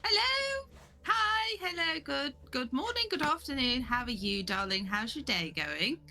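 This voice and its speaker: A woman's voice: high-pitched, very animated, measured pace, bright, forceful tone, exaggerated voice. A woman voicing a flustered, overly polite grandmother who keeps calling everyone darling and dear. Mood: chatty.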